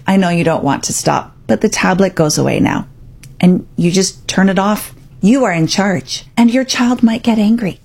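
A middle-aged woman, a parenting coach, giving earnest, reassuring advice straight to the listener and acting out what parents and kids say. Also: fairly low pitch.

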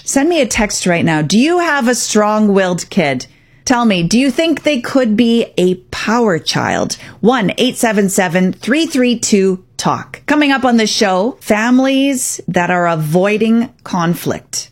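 A woman hosting a radio talk show, giving firm, coaching parenting advice and acting out quotes. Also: fairly low pitch.

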